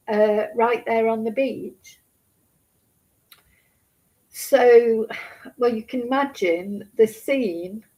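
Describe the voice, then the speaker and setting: A middle-aged woman with a fairly high voice talks to camera, close to tears. She rambles through a personal story, stopping and restarting her sentences. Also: darkish tone, poor audio. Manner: halting, full of restarts and asides. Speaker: Spanish teacher and channel host.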